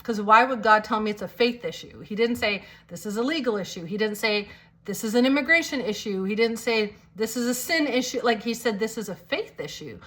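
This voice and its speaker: A woman's voice: fairly high pitch, expressive, a little fast, a bit bright. A woman talks through a personal story in a loose, conversational way, with a slight cold in her voice. She keeps adding "like" and slips into the voices of the people she quotes. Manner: chatty, many "like" fillers, acts out quoted lines. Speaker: storyteller sharing a testimony.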